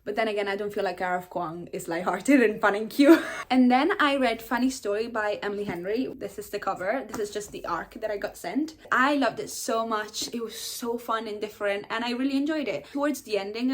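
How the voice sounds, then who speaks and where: A young woman from Italy chats through her reading list in a lively, opinionated way, jumping between gushing and grumbling. Her voice sits at an ordinary middle pitch. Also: a little hiss or hum. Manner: chatty, opinionated, bursts of laughter. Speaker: book vlogger. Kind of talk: casual chat.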